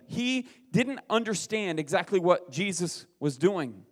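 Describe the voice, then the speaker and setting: A man's voice: high voice, sing-song, unhurried, few pauses. Man preaching with rhetorical questions. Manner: conversational, rhetorical questions, rises for emphasis. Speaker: pastor. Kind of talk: sermon.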